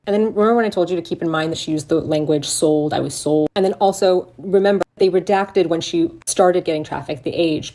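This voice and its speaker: A woman's voice: on the low side, mellow. A woman co-hosting a talk show, reading a redacted report aloud and breaking off with sarcastic, indignant commentary and swearing. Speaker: podcast co-host.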